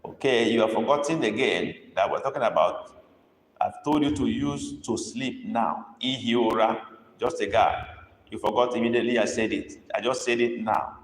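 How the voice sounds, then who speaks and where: A man teaching a live-streamed language lesson, coaxing students and repeating each prompt slowly. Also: medium pitch, a little hiss or hum. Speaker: language tutor. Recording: echoey room with long reverb.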